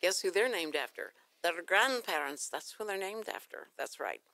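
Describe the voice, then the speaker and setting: A woman's voice: fairly low pitch, very animated, brisk, fairly bright tone. An older woman, hosting a casual radio talk show in a chatty, teasing way.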